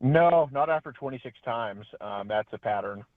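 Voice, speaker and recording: A man's voice: medium pitch, moderate pace, no room sound. Chatty man on a tinny phone line. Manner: chatty and animated, laughs often. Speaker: guest, independent journalist. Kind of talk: casual phone interview.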